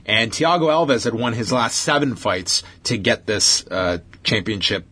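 A man's voice: on the low side, unhurried, bright, forceful tone, breathy edge. A man hosting a casual talk show, recapping an old fight in detail with frequent fillers.

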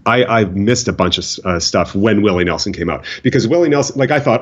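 A man's voice: on the low side, expressive, fast talker, husky, lo-fi sound. A man co-hosting a casual podcast, recapping a movie with wry, sarcastic asides. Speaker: podcast co-host.

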